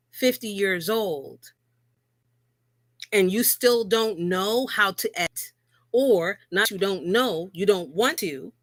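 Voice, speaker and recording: A woman's voice: medium pitch, fairly bright tone, dry recording. A woman co-hosting a live talk about relationships, speaking earnestly and repeating key phrases for emphasis. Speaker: co-host.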